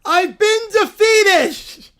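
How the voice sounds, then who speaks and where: A small, boastful male bear cub whines and cries out in high, over-the-top complaints, as a man acts him out. His voice swings wide and lively. The bear is a sore loser in a silly storybook fight. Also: slow, exaggerated voice. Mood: whiny boastful. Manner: whiny, dramatic shouting.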